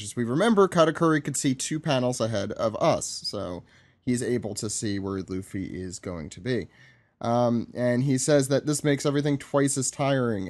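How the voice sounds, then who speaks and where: A man guest on a podcast, recapping a comic in a relaxed, wry way with hesitant fillers and frequent laughs. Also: mid-range voice, no echo. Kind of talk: casual chat recapping a comic.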